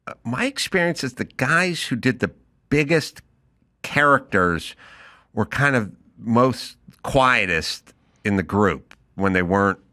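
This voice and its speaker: A man's voice: mid-range voice, expressive, slow, pushed and bright. A middle-aged man hosting a podcast in casual studio chat, blunt and jokey as he riffs. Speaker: podcast host.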